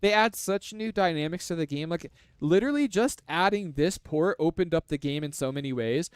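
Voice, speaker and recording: Chatty male game commentator, higher voice. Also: expressive, moderate pace, clear, resonant tone, dry recording. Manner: chatty and analytical, heavy use of "like". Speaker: live stream game commentator. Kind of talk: casual live game commentary.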